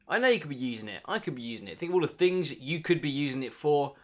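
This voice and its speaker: A man in his twenties talks straight to camera in a comedic vlog. He plays it mock-dramatic, with loud bursts of hype and low, muttered asides. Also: animated, fast. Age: 20s. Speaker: vlogger.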